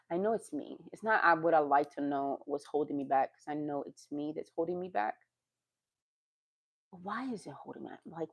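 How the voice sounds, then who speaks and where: A woman vlogging to her viewers in a rambling, confessional way, sighing, laughing and swearing now and then. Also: low-pitched. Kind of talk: candid casual monologue.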